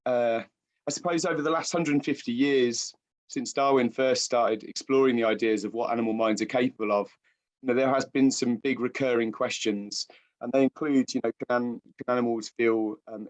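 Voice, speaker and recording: A British man with a croaky voice giving a public lecture as guest speaker, hesitant with many fillers and restarts. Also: medium pitch. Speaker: guest speaker, science writer.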